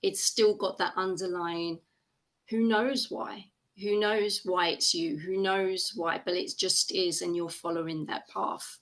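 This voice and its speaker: A woman hosting a podcast interview, asking questions in a soft, reflective and affirming way. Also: lowish voice, fairly even intonation, unhurried. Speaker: podcast host.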